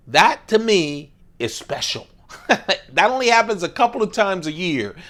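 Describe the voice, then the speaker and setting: A man hosting a casual show-and-tell vlog, playful and enthusiastic, chuckling often and drawing words out for emphasis. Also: fairly high pitch. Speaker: host of an everyday-carry knife channel.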